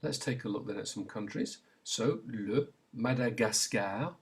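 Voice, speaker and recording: A language teacher leads a slow pronunciation lesson, patiently modelling sounds and having learners repeat after him. His voice is fairly low and husky, moving at normal speed.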